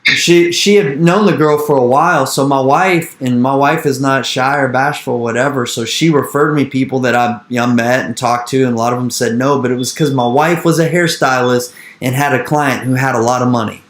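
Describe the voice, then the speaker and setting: A man in his thirties telling an animated story in an interview, repeating his phrases and acting out the dialogue he quotes. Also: mid-range voice, brisk, hardly any pauses, reverberant. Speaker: real estate investor speaking to an investor group. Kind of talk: energetic storytelling talk.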